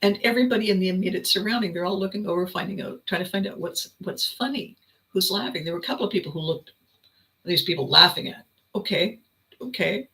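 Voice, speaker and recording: A woman with a bright, forward voice tells a story in a reflective podcast monologue. She is animated and lively, laughing often as she goes. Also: medium pitch, quick pace, low-quality recording. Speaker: podcast host.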